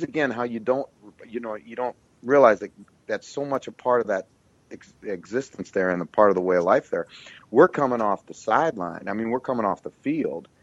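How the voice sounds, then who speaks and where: A man's voice: lowish voice, no echo, muffled recording. A man, a former football coach, telling rambling anecdotes in a casual interview, laughing often and restarting his sentences.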